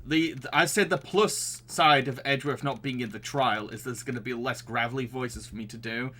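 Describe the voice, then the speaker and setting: A man's voice: mid-range voice, normal speed, pushed and bright. A man with a Yorkshire accent chatting casually as a let's play gamer, self-deprecating and laughing often. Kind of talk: casual commentary while voicing a game.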